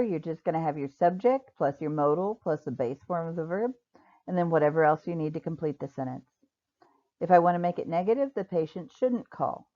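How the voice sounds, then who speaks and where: Woman, ESL teacher, patient, slow on examples; mellow lowish voice, muffled lo-fi audio. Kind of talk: recorded online lecture. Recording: dull lo-fi recording.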